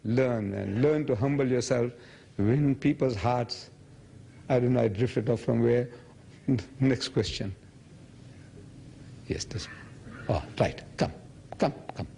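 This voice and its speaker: A man's voice: medium pitch, slow pace, gravelly, long pauses, slightly rough. A man in his seventies answering audience questions at a public lecture, telling stories and acting out other people's lines. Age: 70s. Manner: animated storytelling, quoting others in raised voice.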